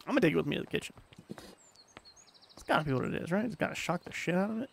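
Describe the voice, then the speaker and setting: A man's voice: high-pitched, lively intonation, racing, gravelly, pauses often, husky. A man streaming a puzzle game, rambling and self-mocking while reading game text aloud. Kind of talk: casual game commentary.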